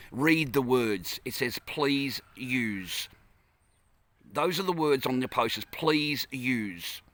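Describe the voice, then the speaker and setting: An Australian man in a parked car ranting into the camera. His voice is bright and forceful, and he swears constantly and repeats himself as he vents. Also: medium pitch. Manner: angry, profane, repetitive ranting. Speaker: vlogger. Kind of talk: angry ranting vlog.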